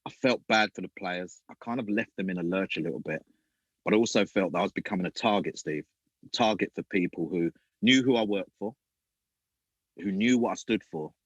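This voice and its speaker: A man, a podcast guest and former youth football coach, telling animated stories and acting out other people's voices. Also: low-pitched, a little fast, breathy edge, no room sound, highs cut off. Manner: acts out other people's voices, lively and emphatic. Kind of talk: animated storytelling.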